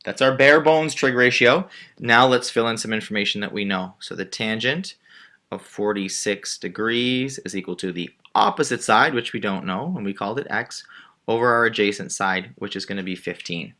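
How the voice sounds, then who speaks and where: A man's voice: on the low side, normal speed, sharp tone. A male math teacher patiently walking through a word problem step by step while drawing a diagram. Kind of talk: screen-recorded math lesson.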